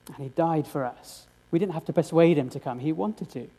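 A man's voice: a little high, brisk, mellow, husky. A man preaching a sermon, earnest and direct, often asking his congregation rhetorical questions.

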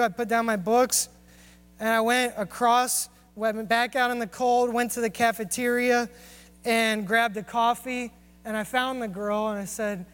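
A man's voice: very high voice, a bit bright, smooth. A man preaching a sermon and telling personal stories in an earnest, confessional way. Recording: long hall reverb.

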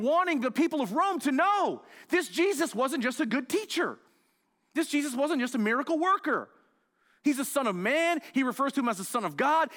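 A male pastor from the United States preaching a sermon, telling the story with animated, acted-out outbursts. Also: extremely high pitch. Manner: animated storytelling, acts out scenes, loud excited outbursts.

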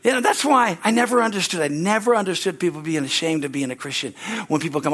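A man's voice: sits high, quick pace, fairly bright tone. A male pastor preaching a sermon at a church service, exuberant and calling out hallelujahs.

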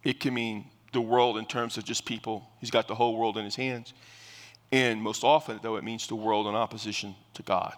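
An older pastor preaches a sermon, explaining scripture conversationally with frequent restarted phrases and fillers. His voice is lowish with little pitch movement, and he speaks fairly quickly. A long hall reverb surrounds the recording.

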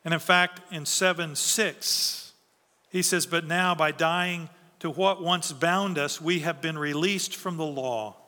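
A man delivers a sermon in an earnest, emphatic way, putting questions to his listeners and then answering them. His voice sits high and has a bright, ringing edge. The sound carries a long reverb, as if he is in a church sanctuary. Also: slow. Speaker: pastor.

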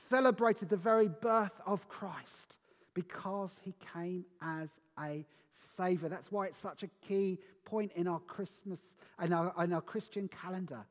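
A man delivers a Christmas sermon in a high voice, drawing out each phrase with slow, weighty pauses. His words ring out with long reverb, as if filling a large church hall. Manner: slow, emphatic preaching with dramatic pauses. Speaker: preacher.

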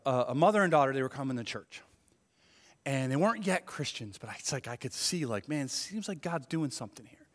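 Pastor, man, slightly high voice, lively conversational sermon delivery, church hall with a long echo. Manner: conversational, animated, acts out inner thoughts.

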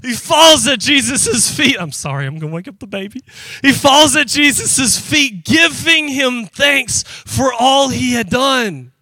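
A man preaching in church with a high, bright, ringing voice. He preaches with animated call-and-response, pressing each point and rising into shouts. The sound is close and dry, with little room around it. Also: unhurried, dry recording. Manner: emphatic, breaks into shouting. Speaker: pastor. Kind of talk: sermon. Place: church sanctuary with congregation.

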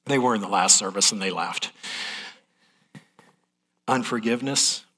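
A man's voice: on the low side, a little slow, background noise. A middle-aged man preaching a sermon in a folksy, candid, emotional way. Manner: folksy, transparent, emotional delivery.

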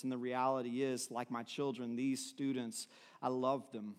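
A pastor preaching a sermon, earnest and repetitive, with many restarts, moving between soft passages and rising emphasis. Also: male voice, medium pitch, a little fast, in a large hall.

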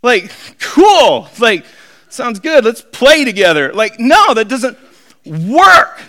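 A pastor preaching a sermon, animated, acting out quoted voices and swinging between shouting and quiet asides. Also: male voice, very high voice, slow.

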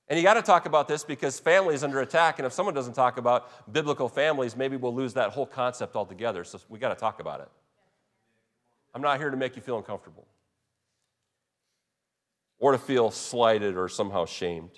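Preaching pastor in a reverberant hall. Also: male voice, medium pitch. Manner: earnest, emphatic preaching with repeated restarts. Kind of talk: sermon. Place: church sanctuary.

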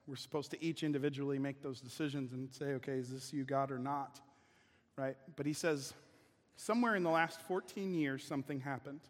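A man's voice: mid-range voice, a little fast. A man preaching a sermon as pastor, conversational and emphatic, often restarting his sentences. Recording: long reverb of a large hall.

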